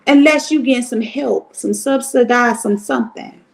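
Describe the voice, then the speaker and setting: Blunt, profane woman with a gravelly voice. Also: fairly high pitch, normal speed. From Cleveland, Ohio. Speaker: livestream host. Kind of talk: casual livestream rant.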